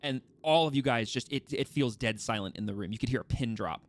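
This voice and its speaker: A man running a tabletop game as game master, narrating in a lively, animated way with frequent restarts. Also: mid-range voice, brisk.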